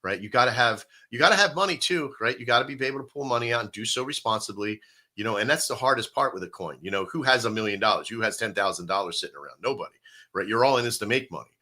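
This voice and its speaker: A man hosting a casual live-stream chat, explaining in an animated way and often asking "right?". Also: mid-range voice, quick pace.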